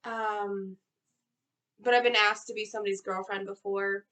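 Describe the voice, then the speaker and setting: A young woman co-hosts a casual vlog with a light Southern US accent. She tells stories in an animated, filler-heavy way. Her voice sits at an average pitch. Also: normal speed. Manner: animated storytelling, lots of "like". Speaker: co-host. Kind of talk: casual chat.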